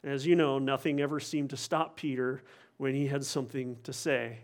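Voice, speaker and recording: A man's voice: medium pitch, fairly even intonation, measured pace, long pauses. A man preaching a sermon, explaining a passage in an earnest, expository way, with occasional wry asides.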